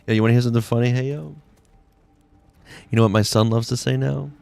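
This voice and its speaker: A man's voice: mid-range voice, fairly even intonation, quick pace, gravelly, a little mellow, smooth. A man live-streaming a game, chatting casually in a rambling, slangy way full of "like"s. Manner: laid-back, rambling, slangy with many "like"s. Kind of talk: casual live-stream chat while playing.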